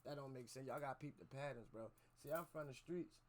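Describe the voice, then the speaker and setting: A man's voice: medium pitch, quick pace. A man reacting to a clip for his chat, skeptical and slangy, repeating himself to make his point. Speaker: reaction streamer. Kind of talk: reaction commentary.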